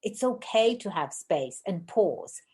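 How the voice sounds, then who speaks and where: A woman hosting a podcast interview, talking fast and effusively in a casual chat. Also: on the low side, expressive, dark tone. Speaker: podcast host.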